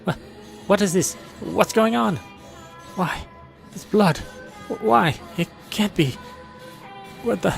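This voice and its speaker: Brief: man playing a panicked young boy, stammering, raised pitch, over music. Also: lively intonation, a little slow. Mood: horrified. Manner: stammering, panicked, breathless cries. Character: terrified young village boy. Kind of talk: fan voice dub of a visual novel.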